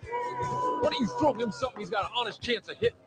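A loudmouth pitcher, very high and wildly swinging voice, shouting, loud music behind. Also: male voice, huge pitch swings, quick pace, over a noisy crowd, heavily acted. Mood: taunting. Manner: shouting, taunting. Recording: clip played over loud music.

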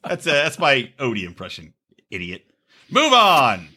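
A man co-hosting a podcast, swearing freely and tossing off quick jokes. His voice is husky and bright, with a very lively pitch. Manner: profane, joking, quick asides. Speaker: podcast co-host. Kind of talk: casual chat.

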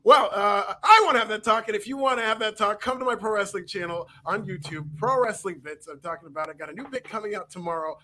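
Fast-talking animated man. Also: high voice, a little hiss or hum. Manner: animated, talks fast with restarts. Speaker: podcast co-host. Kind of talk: casual wrestling chat.

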